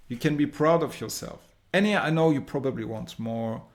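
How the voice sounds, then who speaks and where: A man's voice: medium pitch, normal speed, a little mellow. Male course instructor, French accent, upbeat and theatrical, swears casually. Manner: enthusiastic, mock-dramatic, swears casually. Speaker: online business course instructor. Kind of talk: recorded course lesson, drawing on a board.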